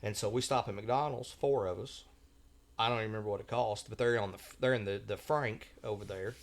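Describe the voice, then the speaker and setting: A man with a fairly low voice, speaking a little fast, shares a travel story on a podcast. He tells it casually in a folksy drawl, performing the voices of those he quotes.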